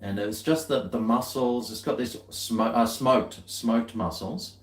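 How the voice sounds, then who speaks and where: A man's voice: mid-range voice, a little slow. A man chatting casually to camera in a rambling, laid-back way with chuckling asides. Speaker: vlogger. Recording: echoey room.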